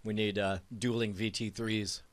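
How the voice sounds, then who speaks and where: A man hosting a casual comedy podcast, excitable and teasing, laughing often. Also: lowish voice, normal speed. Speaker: podcast host.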